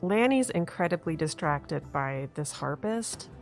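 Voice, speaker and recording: A woman with a notably low voice plays in a tabletop game, describing what her character does. Faint music plays behind her. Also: lively intonation, a little slow. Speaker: player. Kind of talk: tabletop role-play, in-character narration.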